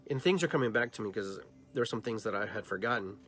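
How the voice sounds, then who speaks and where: A man hosting a podcast tells a personal story about a dream, animatedly acting out both sides of the conversations. His voice is lowish and fast, with long trailing phrases, filler and restarts, and faint music plays behind him.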